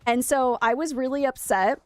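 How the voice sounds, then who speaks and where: A woman's voice: high-pitched, normal speed. A woman in her thirties from Maine, chatting casually and animatedly with her viewers while she plays a game on stream. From Maine, United States. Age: 30s. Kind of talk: casual livestream chat while gaming.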